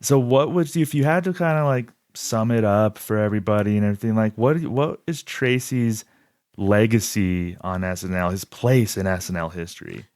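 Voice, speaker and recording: A man hosts a podcast in a friendly, casual way, agreeing readily and steering the talk with questions. His voice sits fairly low. The recording is close and dry. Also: normal speed, darkish tone, dry recording. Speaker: podcast host.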